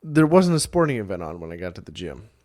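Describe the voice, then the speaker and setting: A man's voice: low-pitched, sing-song, fast, a little mellow. Rambling, swearing male podcast co-host. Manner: rambling, swears freely, laughs often. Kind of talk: casual chat.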